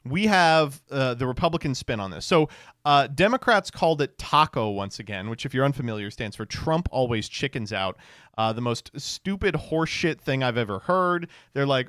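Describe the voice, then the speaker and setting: A man's voice: medium pitch, lively intonation, normal speed, a bit bright, smooth, no echo, clean studio sound. A man streaming casual political commentary, sarcastic and profane, often stammering and restarting his sentences.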